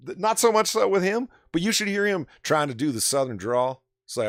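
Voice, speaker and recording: A man's voice: a little high, very animated, fairly quick, hardly any pauses, no echo, studio quality. A man hosting a casual livestream chat, ranting animatedly and swearing freely into his desk microphone. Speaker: podcast host.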